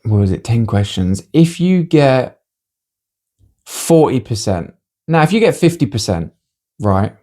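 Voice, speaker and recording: A man hosting a relaxed podcast with his cousin, delivering joke questions with a teasing, deadpan edge. His pitch swings up and down a lot, and he keeps it conversational throughout. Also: a little slow. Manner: teasing, deadpan quiz-master who breaks into laughter. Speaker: podcast host. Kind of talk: casual podcast chat.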